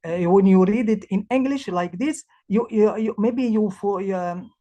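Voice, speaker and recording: Woman, English, language teacher, halting, restarts, mid-range pitch. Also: mellow. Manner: halting, searching for words, many restarts. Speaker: language teacher presenting a project. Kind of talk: presentation talk.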